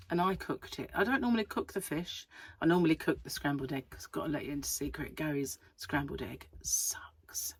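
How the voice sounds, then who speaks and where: A woman's voice: lowish voice, slightly rough, dry recording. A middle-aged woman, chatting casually and rambling to camera as a crochet vlogger, laughing often.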